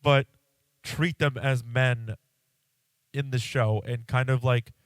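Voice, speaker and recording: A congested man rambles through a casual solo podcast, breaking off mid-thought and swearing offhandedly. His voice is smooth and resonant, heard close with no room sound. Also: medium pitch, steady tone, takes it slowly, no echo. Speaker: podcast host.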